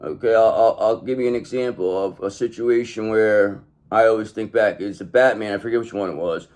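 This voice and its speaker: A man's voice: lowish voice, brisk, a little mellow. A man doing a casual tarot reading, talking straight to the viewer in a swaggering, emphatic way, swearing often and ending lines with "okay?". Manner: swaggering, emphatic, profane, keeps tagging "okay?". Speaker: tarot reader.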